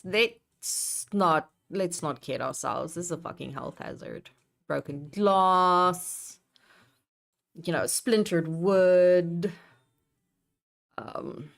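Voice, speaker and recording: A woman's voice: sits low, vocal fry. A young woman streaming live, chatting casually as she works, reading chat aloud and swearing offhandedly. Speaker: livestreamer building a map.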